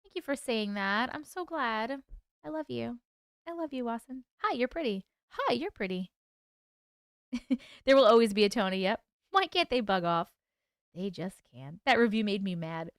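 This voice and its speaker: A woman's voice: a little high, sing-song, normal speed, smooth, no room sound, studio quality. A woman hosting a casual livestream, chatting with viewers, reading their comments aloud and laughing often. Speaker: livestream host and author.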